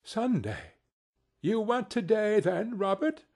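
A man reading aloud and voicing a grieving mother, keeping a steady, cheerful tone that wavers, in a raised, husky voice. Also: sits high, slow pace, pitched above the performer's own voice, full character voice. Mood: tender.

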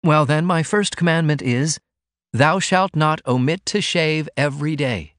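A man reading an audiobook, voicing a refined young woman who gently scolds in a prim, coaxing manner. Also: fairly high pitch, a little slow, dry recording, studio quality, pitched above the performer's own voice. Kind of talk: audiobook character voice.

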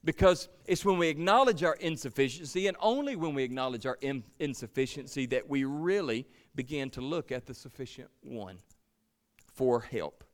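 A man's voice: medium pitch, lively intonation, moderate pace. A man preaching a sermon as pastor, earnest, with repeated words and a voice that swells and falls away.

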